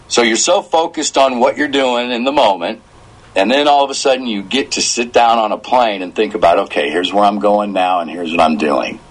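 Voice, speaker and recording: A very deep-voiced man in his fifties talks about his career as a voice actor in a relaxed interview. He tells his stories with feeling and acts out little quoted asides. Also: poor audio. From United States. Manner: emotional, animated storytelling with quoted asides. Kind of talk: casual interview talk.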